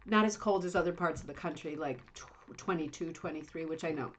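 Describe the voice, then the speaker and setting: A woman's voice: sits low, fairly quick, a little hiss or hum. A middle-aged woman hosting a casual livestream chat from home, chatty, rambling and self-deprecating. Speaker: livestream host. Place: home, Indiana.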